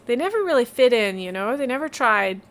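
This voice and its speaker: A woman's voice: a little high, big pitch swings, a little fast. Woman playing a fed-up young weaver. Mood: rambling. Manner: rambling, exasperated, eye-rolling.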